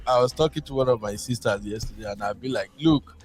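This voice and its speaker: A man's voice: lowish voice, steady tone, rapid-fire, breathy edge. A Nigerian man calling in to a talk show, chatting casually and rambling, slipping into Pidgin. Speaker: caller. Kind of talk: casual call-in chat.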